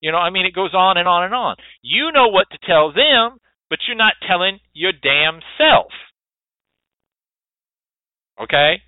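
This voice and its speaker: A man's voice: high voice, expressive, normal speed, no room sound. A man hosting a radio show, lecturing emphatically, swearing often and repeating his points. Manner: emphatic, repetitive, profane, preachy. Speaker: radio show host teaching hoodoo rootwork. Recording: tinny dry phone-like line.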